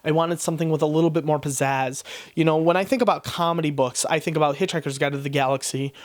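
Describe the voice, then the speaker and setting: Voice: medium pitch, fairly even intonation, fast. Blunt, swearing twenty-something book reviewer. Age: 20s. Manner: blunt, frank, swears freely; rambling, with restarts and fillers. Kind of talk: casual spoken book review.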